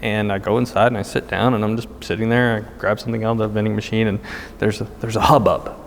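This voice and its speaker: A man's voice: fairly low pitch, level tone, fast, gravelly, in a large hall, slight background noise. A middle-aged man telling a casual story in a wry, self-mocking way, full of fillers and restarts. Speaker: guest storyteller.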